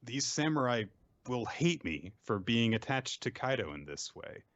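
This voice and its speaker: A man's voice: mid-range voice, sing-song, measured pace, a bit bright, no echo, highs cut off. A man hosting a podcast who casually recaps comic chapters and mimics the characters' lines as he retells scenes. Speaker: podcast host.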